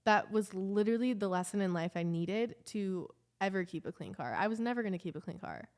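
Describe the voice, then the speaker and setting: A woman's voice: mid-range voice, lively intonation, brisk, darkish tone. Rambling emotional young woman vlogger. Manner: emotional, rambling, lots of "like" fillers. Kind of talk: casual confessional chat.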